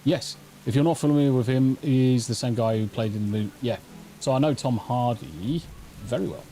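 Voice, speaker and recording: Mellow sweary English streamer. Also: male voice, mid-range voice, moderate pace, faint music behind. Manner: rambling, sweary and chatty. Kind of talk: casual live gameplay chat. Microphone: desk mic through a mixer.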